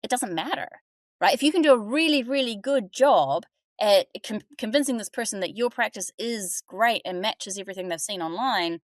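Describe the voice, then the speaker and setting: A woman hosting a podcast, coaching on front-desk phone calls in an animated, chatty way and acting out callers. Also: mid-range voice, normal speed, no room sound, studio quality. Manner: animated, acts out phone calls, laughs often. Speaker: dental front-desk trainer and podcast host. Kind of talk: casual podcast discussion.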